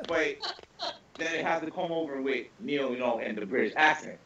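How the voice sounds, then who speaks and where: A man recounts a story during a casual group podcast, animated and quick to swear, stumbling over and repeating his words as he builds the tale. His voice sits at an ordinary middle pitch. It comes through a roomy, far-off call line with dull, muffled sound. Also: slight background noise. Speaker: podcast panelist.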